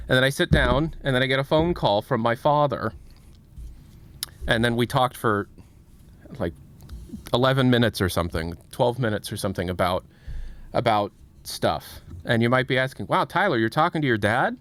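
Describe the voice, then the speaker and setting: A man's voice: mid-range voice, moderate pace, pauses often, fairly bright tone, clean tone. Casual male streamer, rambling and self-deprecating, swears freely. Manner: rambling, self-mocking and profane. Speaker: livestream host.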